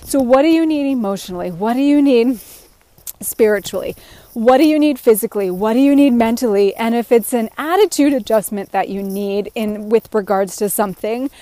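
Woman coaching people thru their feelings, kinda high voice, dry close sound, long run-on sentences. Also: mellow, dry recording. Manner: earnest, encouraging, talks in long run-on sentences. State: a bit out of breath. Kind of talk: motivational self-help talk.

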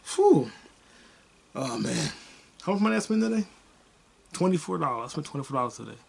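A young man hosting a podcast alone, ranting about a movie in a profane, rambling way, with bursts of excitement. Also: fairly high pitch, fairly quick, gravelly, breathy edge. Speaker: podcast host. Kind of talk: casual solo movie review rant.

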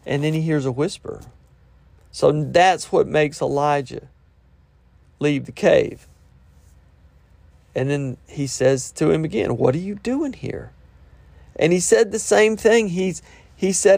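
A man delivers a sermon, moving between scripture reading and plain explanation. His voice sits a little high with a gravelly edge. The recording is dry, with no room sound. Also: measured pace, long pauses, darkish tone, no echo. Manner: reads verses then breaks off to explain in plain talk. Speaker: preacher.

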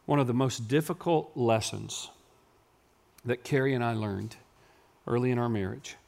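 A man, preaching a sermon to his congregation in a church and building to loud, yelling emphasis. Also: mid-range voice, moderate pace, creaky. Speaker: pastor. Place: church sanctuary.

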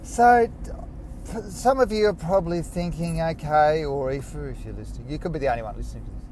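An Australian man hosting a casual solo podcast, rambling and self-mocking, with sudden excited bursts. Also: a little high, a little fast, slight background noise. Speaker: podcast host.

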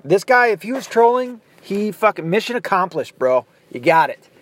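Profane, ranting man with a lively voice. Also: high-pitched, normal speed. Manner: profane, blunt, opinionated. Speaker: podcast host. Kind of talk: casual ranting commentary.

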